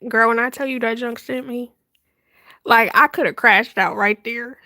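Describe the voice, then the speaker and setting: A woman hosting a livestream, telling a story in casual chat, animated and laughing often with dramatic retelling. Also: a little high, normal speed, no room sound, clean studio sound. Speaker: livestream host.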